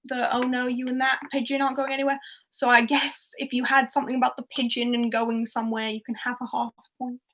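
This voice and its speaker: A woman's voice: fairly high pitch, flat delivery, a little fast, fairly bright tone. Chatty young woman hosting a quiz. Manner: chatty, reads out quotes with little laughs. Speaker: pub quiz host. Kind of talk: casual livestream quiz chat.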